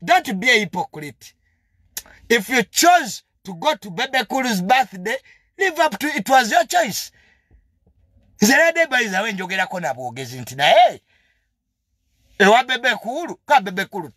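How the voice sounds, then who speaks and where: A man's voice: high-pitched, very animated, moderate pace, bright, forceful tone, dry recording, studio quality. A young man with a Ugandan accent delivering a heated, confrontational monologue full of emphatic repetitions. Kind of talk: heated monologue mixing English and Luganda.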